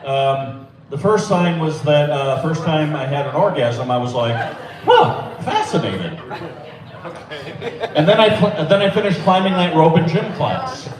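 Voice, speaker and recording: Guy doing deadpan standup, kinda high voice, echoey club, crowd laughing. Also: moderate pace, far from the mic. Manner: deadpan, self-deprecating delivery. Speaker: stand-up comedian. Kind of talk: open-mic stand-up set. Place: small comedy club or bar.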